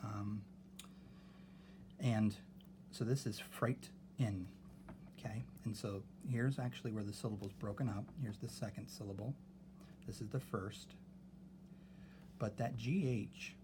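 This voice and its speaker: A man's voice: on the low side, noisy background. A man teaching a phonics lesson to a class, patiently sounding out vowels and syllables.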